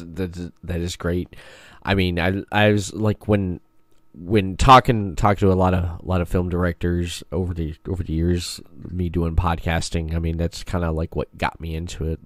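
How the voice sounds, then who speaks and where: A man's voice: low-pitched, no room sound. A man hosting a podcast interview, enthusiastic and rambling, with lots of restarts. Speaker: podcast host. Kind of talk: casual interview chat.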